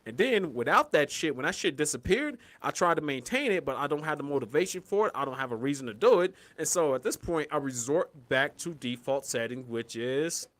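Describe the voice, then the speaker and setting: Bright-voiced profane podcast man. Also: fairly high pitch, animated, fairly quick, few pauses. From Colorado. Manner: profane, rambling, bursts into loud hyped yelling. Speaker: podcast co-host. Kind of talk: casual podcast chat.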